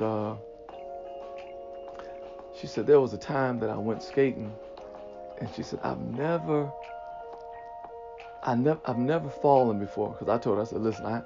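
A man's voice: medium pitch, creaky, highs cut off. A man preaching an inspirational sermon, retelling a conversation and then building to emphatic encouragement.

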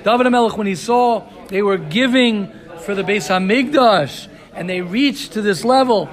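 High-voiced man teaching a Torah class. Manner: reads Hebrew text quickly, then explains it in English; excited, repeats "right?" and "you hear this?".

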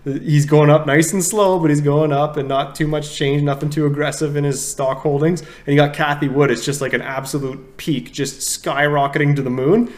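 A man's voice: fairly high pitch, steady tone, normal speed, few pauses. A man, co-hosting a podcast, explaining ideas step by step in casual chat and checking in with "okay?". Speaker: podcast co-host.

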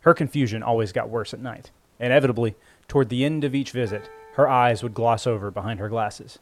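A man narrates a story in a measured, even storytelling manner, with a voice of ordinary middle pitch. A quiet musical score plays beneath him throughout. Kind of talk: scripted audiobook narration. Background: faint music score.

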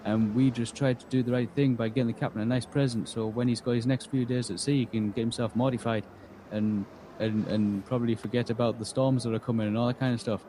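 A man's voice: medium pitch, steady tone, quick pace, mellow, a little hiss or hum, poor audio. A man, game master telling an in-character story in a rambling way, acting out quoted lines. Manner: rambling, full of restarts and acted-out quotes.

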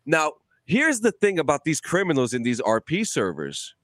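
Animated swearing man telling a story. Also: fairly high pitch, moderate pace, dry recording. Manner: animated storyteller, swears a lot, acts out voices. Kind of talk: casual chat.

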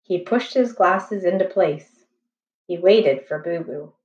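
A woman reading a children's chapter book aloud in a slow, gentle, expressive way. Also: fairly low pitch. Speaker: storybook reader. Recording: echoey room, distant, slightly dull.

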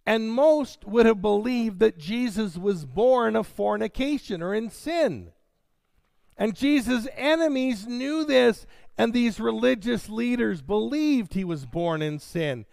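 A man's voice: high voice, animated, slow pace, creaky, a little mellow, no room sound. A man preaching a sermon, reading scripture dramatically and addressing his congregation directly.

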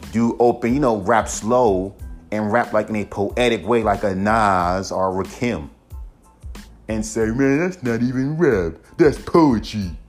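A man hosting a solo podcast, ranting in a heated, profane way and mocking critics. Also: lowish voice. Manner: profane, heated, mocks critics in put-on voices. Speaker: podcast host.

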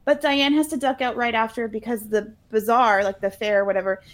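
A woman's voice: on the high side, fairly even intonation, brisk. A woman co-hosting a casual podcast, telling a movie scene by scene, laughing often and slipping into little voices when she quotes the characters. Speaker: podcast co-host recapping a movie. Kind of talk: casual chat.

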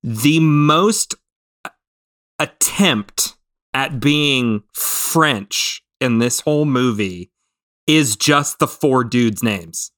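Slow-talking male podcast co-host. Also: mid-range voice, animated, fairly bright tone, dry recording, studio quality. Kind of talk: casual podcast chat.

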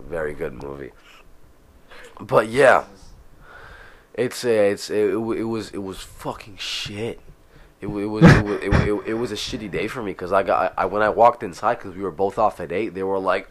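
A man's voice: lowish voice, animated, normal speed, fairly bright tone. A young man co-hosting a podcast in casual chat, telling a profane story with stumbling restarts. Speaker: podcast co-host.

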